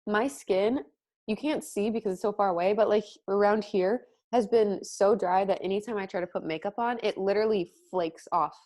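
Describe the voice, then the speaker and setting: A woman's voice: medium pitch, moderate pace, darkish tone. A young woman in her twenties co-hosting a casual mukbang chat, filling her talk with "like" and chewing as she speaks. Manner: chatty, lots of "like", talks while chewing. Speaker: mukbang co-host. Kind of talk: casual chat while eating.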